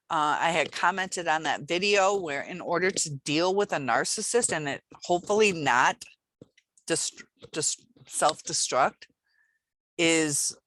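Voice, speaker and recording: A woman's voice: low voice, a bit bright, dry recording. A woman host speaking casually to her audience, acting out quoted lines as she goes. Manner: conversational, acts out quoted lines with shifts in tone. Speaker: channel host. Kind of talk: casual talk to camera.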